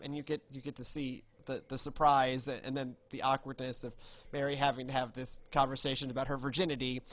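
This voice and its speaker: A man's voice: medium pitch, a bit bright. A man hosting a casual podcast, chatting loosely with many fillers and reading scripture aloud. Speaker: podcast host.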